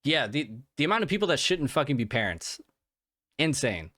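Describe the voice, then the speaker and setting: A man's voice: fairly high pitch, sing-song, normal speed, bright, forceful tone, no room sound, clean studio sound. Tired, sick man rambling on a podcast. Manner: rambling, profane, lots of restarts and fillers. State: sick and fatigued, yawning. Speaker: podcast host. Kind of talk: casual solo podcast monologue.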